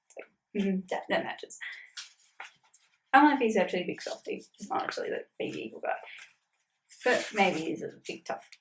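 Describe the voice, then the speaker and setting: A woman's voice: mid-range voice, lively intonation, normal speed, long pauses, a little hiss or hum, low-quality recording. A woman chatting casually in a vlog about a tabletop campaign she plays in, rambling with lots of fillers.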